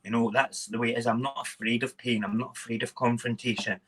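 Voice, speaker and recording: Casual male host, mid-pitched voice, rambling and chatty with viewers. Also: level tone, fast talker, fairly bright tone. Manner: chatty, rambling, talks to viewers while cooking. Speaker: live-stream morning show host. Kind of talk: casual live-stream chat.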